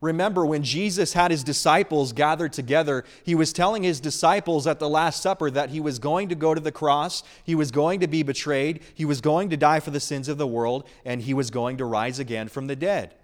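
Earnest, slightly high-voiced male preacher. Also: brisk, few pauses. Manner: earnest, emphatic preaching that swings between loud and hushed. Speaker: pastor. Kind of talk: sermon.

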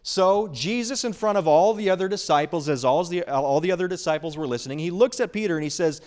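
A man preaching a sermon, earnest and emphatic, swinging between loud stresses and hushed lines. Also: on the high side, expressive, fairly quick. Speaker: pastor.

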